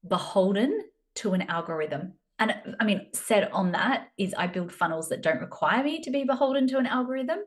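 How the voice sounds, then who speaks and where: A woman in her thirties with an Australian accent, hosting a solo business podcast in a chatty, self-deprecating way. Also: mid-range voice. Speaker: podcast host, business coach. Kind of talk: casual solo podcast talk.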